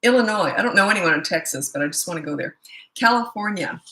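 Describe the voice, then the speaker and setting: Speaking quickly in a low, bright, forceful voice with plenty of expression, this middle-aged woman from Canada is a parenting coach doing a casual livestream. Though she sounds tired and low on energy, she reads out viewers' comments in an echoey room.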